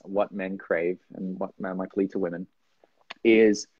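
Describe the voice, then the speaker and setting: Animated Norwegian-born man, dry dull sound. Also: moderate pace, husky, no echo. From Norway. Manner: animated, acts out voices with big pitch jumps. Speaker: podcast guest. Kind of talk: casual conversation.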